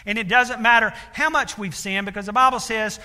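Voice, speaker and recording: Man, preacher, sermon, high voice, earnest storytelling, lots of fillers, long hall reverb. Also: steady tone, a little fast, sharp tone. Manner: earnest storytelling with many fillers, building to emphatic appeals.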